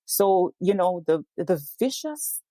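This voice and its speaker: A woman's voice: on the low side, big pitch swings, slow, warm tone, no echo. A woman, a guest educator speaking earnestly and emphatically in a discussion. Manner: earnest and emphatic, frequent "yes".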